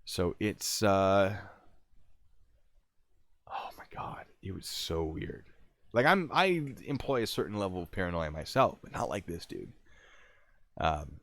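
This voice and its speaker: A man casually telling a military story to his stream, animated and acting out what people said. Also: sits low, unhurried. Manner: animated, acts out quotes, restarts.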